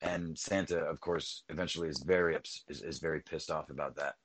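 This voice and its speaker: Deep-voiced rambling man. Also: steady tone, brisk, dry recording, rough recording. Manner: rambling, swears a lot, many restarts. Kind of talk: casual chat.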